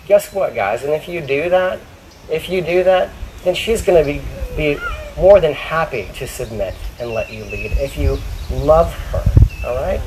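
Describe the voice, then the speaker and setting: A man preaching a sermon, talking casually to his church and slowing down to read scripture aloud. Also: mid-range voice, a little mellow, a little hiss or hum, rough recording. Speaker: pastor.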